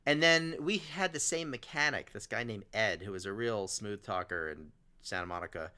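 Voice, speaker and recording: A man's voice: on the low side, normal speed, clean tone. A man hosting a podcast, telling a long personal story in casual conversation and briefly acting out the people in it. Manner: animated, acts out quoted people in his stories. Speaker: podcast host.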